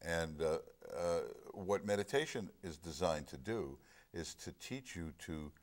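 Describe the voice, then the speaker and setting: Middle-aged man, very deep voice, earnest storyteller in casual talk. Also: expressive, unhurried. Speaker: film discussion guest. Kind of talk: casual chat.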